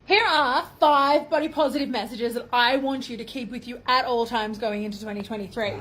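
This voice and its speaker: A woman's voice: on the high side, a little fast, fairly bright tone. A woman making a social media video, encouraging viewers directly in an upbeat way. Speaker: body positivity influencer.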